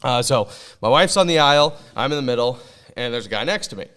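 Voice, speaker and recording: Chatty podcast host, smooth voice. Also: male voice, mid-range voice, animated, fast talker, a bit bright. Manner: chatty storyteller with frequent fillers. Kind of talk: casual chat.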